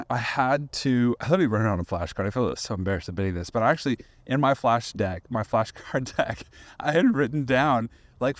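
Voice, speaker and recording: A man's voice: medium pitch, no echo. Chatty, self-deprecating man on a dry mic. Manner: conversational, self-deprecating, full of fillers and restarts. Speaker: podcast host. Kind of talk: casual faith podcast monologue.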